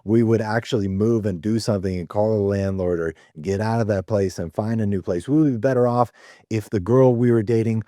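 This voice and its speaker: A man being interviewed over a video call who speaks as an earnest, animated storyteller. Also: on the low side, a little fast, dry recording, studio quality. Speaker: guest, men's community founder. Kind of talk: conversational storytelling.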